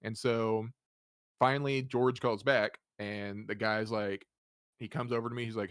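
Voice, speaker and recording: A man hosting a casual podcast chat, telling a story in a lively way. He acts out both sides of the conversation, laughs often and swears freely. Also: on the low side, unhurried, smooth, no room sound, studio quality. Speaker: podcast host.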